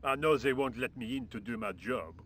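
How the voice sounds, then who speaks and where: This is a work-shy French workman from a video game, voiced by a man. He speaks with a French accent and a drawling, sardonic indifference, in a bright, forceful tone. Faint noise sits behind the voice. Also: mid-range voice, expressive, a little fast, close to an everyday voice. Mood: indifferent. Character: lazy French workman, chain-smoking and indifferent.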